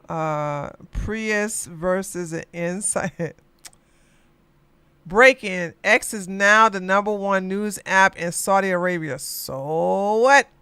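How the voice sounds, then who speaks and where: A podcast host reading news headlines aloud and reacting with loud exclamations and asides. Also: mid-range voice, slow, smooth, dry recording. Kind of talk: live news commentary.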